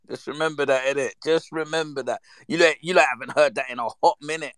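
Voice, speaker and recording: A man, chatting casually and reminiscing with lively slang, acting out the voices in his stories. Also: a little high, quick pace, few pauses, no echo. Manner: animated, slangy, acts out quoted voices. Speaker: storyteller.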